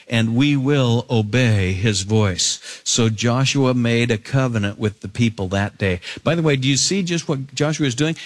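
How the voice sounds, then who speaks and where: A man teaching a sermon, reading scripture aloud and stopping to comment with emphatic rises and hushed drops. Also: medium pitch. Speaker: pastor.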